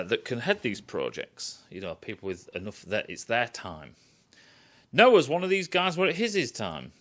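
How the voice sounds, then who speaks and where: A man's voice: medium pitch, a bit bright. A man ranting in a casual, sweary, sarcastic review. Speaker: film and TV reviewer.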